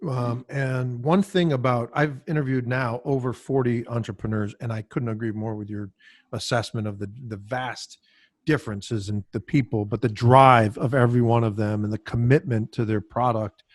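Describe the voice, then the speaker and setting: A man's voice: medium pitch, steady tone, normal speed, no room sound, clean studio sound. A man hosting a podcast interview, friendly and encouraging, stumbling a little over his words. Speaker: podcast host. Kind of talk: casual interview.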